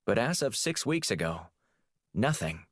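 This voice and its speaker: A man voicing a crisp, eager young female analyst giving a briefing. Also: lowish voice, sing-song, unhurried, fairly bright tone, no echo, clean studio sound, voice pushed up, exaggerated voice.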